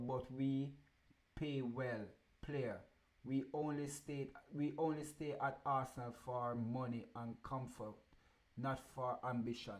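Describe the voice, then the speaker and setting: A man hosting a casual football livestream, reading out viewer comments and answering with teasing slang-filled banter. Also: mid-range voice.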